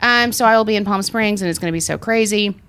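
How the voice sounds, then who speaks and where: A middle-aged woman co-hosting a podcast, talking in a chatty, animated way. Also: medium pitch, fast, smooth. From not from Long Island. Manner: animated, chatty, emotional storyteller. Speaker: podcast co-host. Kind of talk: casual chat.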